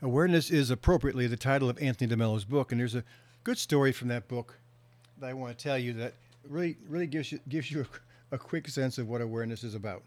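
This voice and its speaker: Middle-aged guy counselor giving a talk, earnest, slows for emphasis, dry no-room sound. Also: medium pitch, a little mellow, no echo. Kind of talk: motivational talk.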